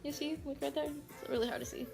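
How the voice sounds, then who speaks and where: A teenage girl talks to her phone camera in a brightly pitched, casual voice. She is frank and swears freely, with plenty of "like" along the way. Soft music sits faintly behind her. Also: steady tone, quick pace, vocal fry. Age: teens. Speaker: vlogger.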